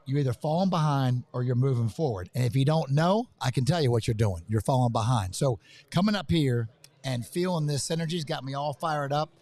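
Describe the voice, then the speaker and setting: A man's voice: a little high, a little mellow. A man being interviewed live at a business conference, pumped up and rambling, often saying how fired up he is. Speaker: event guest. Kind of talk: excited live interview chat. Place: hotel conference venue.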